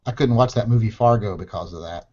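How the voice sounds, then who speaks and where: A man's voice: on the low side, fast, mellow, breathy edge, highs cut off. A man on a casual chat panel, wisecracking and swearing freely. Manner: profane, wisecracking.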